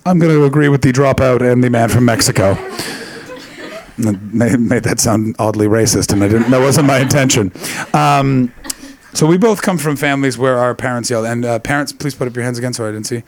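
A man's voice: medium pitch, fairly quick. A man in his late twenties doing stand-up crowd work, brash, profane and teasing. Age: late 20s. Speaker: stand-up comedian.

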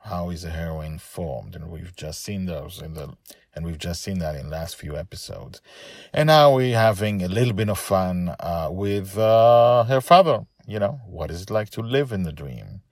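A low-voiced man narrates his own storybook podcast, eager and a little rambling between stories. The sound is close and dry, with no room around it. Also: expressive, moderate pace, darkish tone, no echo. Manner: enthusiastic, rambling. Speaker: podcast author and reader.

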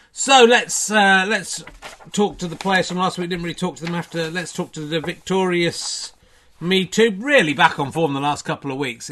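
A man's voice: a little high, sharp tone. A man in his fifties, a comedian rambling through a giddy, self-mocking solo monologue full of digressions. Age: 50s. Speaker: comedian hosting a solo snooker show.

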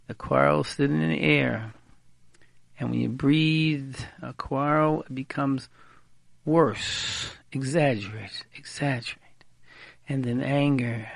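Gravelly man giving practical advice. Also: mid-range voice, no echo. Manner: repeats key words for emphasis; mixes in Hebrew and Yiddish terms. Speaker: radio speaker giving marriage advice. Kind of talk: informal advice talk.

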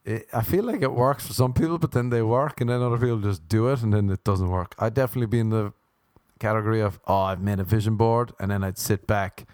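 A man performing a stand-up comedy routine, telling stories deadpan and breaking into animated voices for the people he quotes. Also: on the low side, fast, no echo, clean studio sound. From Ireland.

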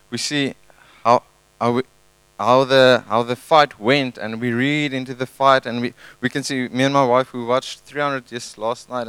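A male pastor giving a conversational, animated sermon and retelling a scripture story in his own words. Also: mid-range voice, clear, resonant tone, no room sound, poor audio. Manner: conversational, animated, tag questions.

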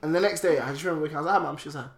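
A man's voice: on the high side, rapid-fire, slight background noise. A young man, telling drunk stories in casual chat with friends, laughing and mimicking them. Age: young adult. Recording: roomy with crowd chatter.

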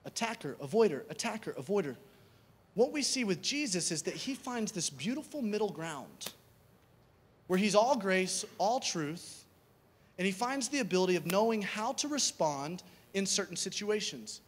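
A pastor preaching a conversational sermon, asking rhetorical questions and repeating key words for emphasis. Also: male voice, high voice, very animated, moderate pace, breathy edge.

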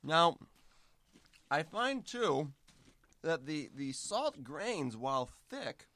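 A man's voice: fairly high pitch, very animated, drawn-out words, pushed and bright, dry recording. Rambling mock-serious man, mouth full. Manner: talks with mouth full while eating. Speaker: guest. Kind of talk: casual snack-tasting chat.

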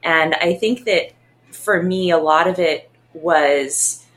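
Emotional woman vet, lower voice. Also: takes it slowly, slight background noise. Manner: warm, emotional, laughs between thoughts. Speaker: veterinarian. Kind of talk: casual podcast chat.

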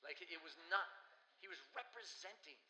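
A man's voice: on the high side, animated, sharp tone, slight background noise. Man preaching in an echoey hall. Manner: earnest, conversational preaching with slow pauses. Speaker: pastor. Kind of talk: sermon. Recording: echoey hall with long reverb.

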